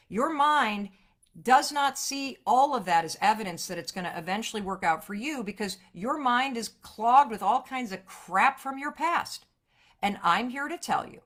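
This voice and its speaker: A woman giving an energetic motivational talk on a live stream, emphatic and profane, with big jumps in pitch and loudness. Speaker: motivational speaker.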